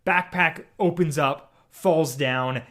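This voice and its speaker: Male podcast co-host, excitable theorizer, slightly high voice. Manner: animated, theorizing, talks fast in bursts. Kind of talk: casual chat.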